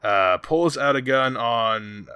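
A man co-hosting a podcast, casually retelling a film scene in a rambling, profane, animated way. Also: medium pitch, takes it slowly, clear, resonant tone, no room sound, studio quality. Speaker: podcast co-host.

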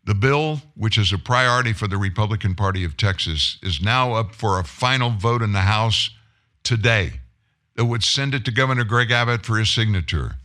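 Low-voiced sarcastic male news host. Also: normal speed, sharp tone. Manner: sarcastic, indignant editorializing. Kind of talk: news reading and opinion commentary.

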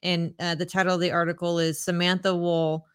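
A podcast co-host in casual chat, introducing segments in a brisk, matter-of-fact way. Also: mid-range voice, level tone, a bit bright, clean tone.

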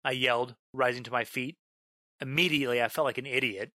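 Bright, dry male storyteller narrating horror. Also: mid-range voice, fairly even intonation, no echo. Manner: dramatic, slows down on a repeated line, bursts into yelling.

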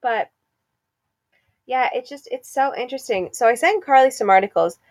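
A young woman co-hosting a podcast, chatting casually and gossiping about reality TV with quick laughs. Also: a little high. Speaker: podcast co-host. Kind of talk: casual chat.

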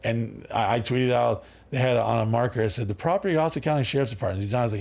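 A man's voice: mid-range voice, rapid-fire, creaky, hardly any pauses. A middle-aged man, a podcast guest, telling stories in a loose, profane way and acting out what people said. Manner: profane, animated, acts out quoted dialogue. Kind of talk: casual storytelling interview.

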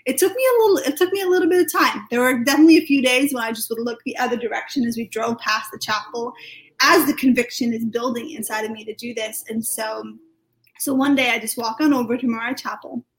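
A British woman, a podcast guest, telling a personal testimony in a chatty, lively way full of fillers. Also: a little high, brisk, low-quality recording. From United Kingdom.

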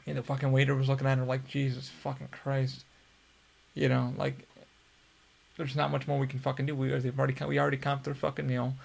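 Man, young adult, heavy vocal fry, flat delivery, casual swearing storyteller. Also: mid-range voice, fast talker. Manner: profane, rambling, laid-back. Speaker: podcast host.

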